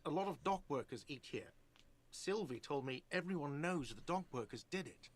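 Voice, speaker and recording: A man's voice: a little high, animated, moderate pace. An actor playing a sarcastic, dismissive male innkeeper in a detective game.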